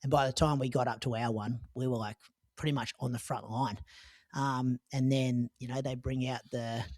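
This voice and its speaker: An Australian man tells a long race story in a relaxed podcast chat, leaning on fillers as he goes. His voice sits at an ordinary middle pitch. It is recorded dry, with no room sound around it. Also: normal speed, no room sound. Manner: chatty storytelling with frequent "like" and "um". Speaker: podcast co-host recounting a marathon.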